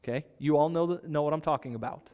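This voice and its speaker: Man, pastor, sermon, somewhat high voice, conversational preaching, long hall reverb. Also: fast, clear, resonant tone, phone-quality sound. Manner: conversational preaching with rhetorical questions.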